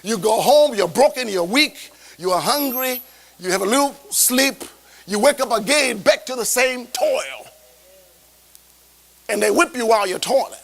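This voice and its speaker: A man's voice: extremely high pitch, animated, measured pace, creaky, poor audio. A man preaching a sermon as a bishop, emphatic, tossing rhetorical questions at the congregation.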